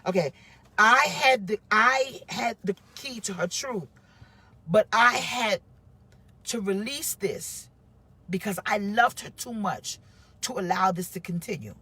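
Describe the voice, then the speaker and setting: Husky-voiced woman pastor telling a story. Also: medium pitch, slow pace, no room sound. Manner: emotional, animated storytelling with acted quotes. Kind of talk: testimony on a live stream.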